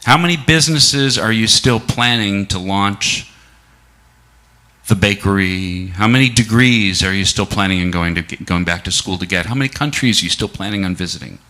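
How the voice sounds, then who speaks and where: A middle-aged man with a lowish, pushed, bright voice preaches at a church service. Reflective and in no hurry, he puts many rhetorical questions to the congregation and slows down to emphasize.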